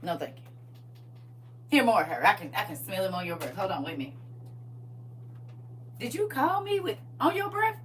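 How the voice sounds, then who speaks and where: A woman hosting a livestream, talking in a casual, preachy, comic way, animated, laughing and teasing. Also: medium pitch, normal speed, long pauses, distant mic, slight background noise. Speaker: livestream host.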